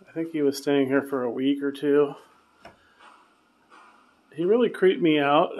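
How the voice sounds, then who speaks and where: Man ghost hunting in a dark room. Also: a little high. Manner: hushed, calling out to spirits. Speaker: paranormal investigator. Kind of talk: solo ghost-hunting vlog. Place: dark hotel room at night.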